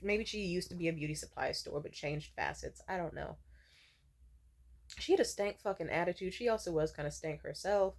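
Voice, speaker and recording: A woman vlogger telling a storytime, casual and blunt, swearing freely and rambling with many restarts. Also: medium pitch.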